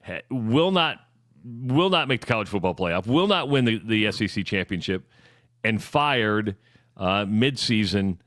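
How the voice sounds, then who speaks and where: A man co-hosting a sports talk radio show, laying out facts and figures in a measured way with some stumbling restarts. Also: on the low side, lively intonation, fairly bright tone, no echo, clean studio sound.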